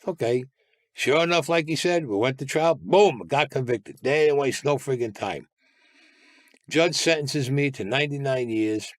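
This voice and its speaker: Speaking at a normal speed in a mid-range voice with no room sound, an older New York Italian-American man recounts his life as a guest. He's blunt and swears, animating the story by doing others' voices in quoted dialogue.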